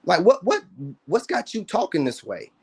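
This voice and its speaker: A man's voice: high-pitched, wildly swooping pitch, normal speed, vocal fry, husky. A man in a blunt, confrontational rant to his online viewers, profane and repetitive. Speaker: social media commentator. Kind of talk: ranting monologue to viewers.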